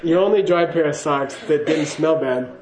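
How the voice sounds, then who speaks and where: A man's voice: on the high side, normal speed, roomy sound, crowd noise, poor audio. A man giving a casual spoken teaching to a class, chatty and laughing, often checking in with "okay?". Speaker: Buddhist teacher.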